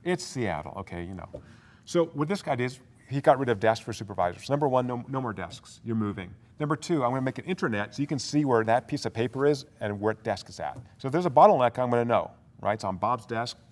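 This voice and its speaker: An energetic man lectures at speed to a university audience on business. He keeps throwing in quick asides and rhetorical questions, and his pitch sits in an ordinary middle range for a man. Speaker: guest speaker.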